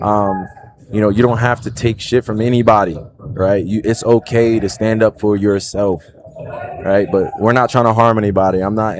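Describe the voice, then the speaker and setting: A man's voice: fairly low pitch, noisy background. A man in his thirties with a New Jersey accent, talking to viewers on his livestream in an earnest, reflective way and often checking in with "right?" and "you know". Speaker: livestream host. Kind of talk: casual reflective monologue.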